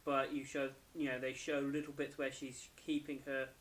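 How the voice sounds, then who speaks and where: A young man talks through an anime episode in a loose, rambling way, often correcting himself mid-sentence. He sounds tired and keeps yawning. His voice sits at a plain middle pitch. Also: little pitch movement, normal speed, a bit bright, slight background noise. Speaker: anime reviewer. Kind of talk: casual episode review.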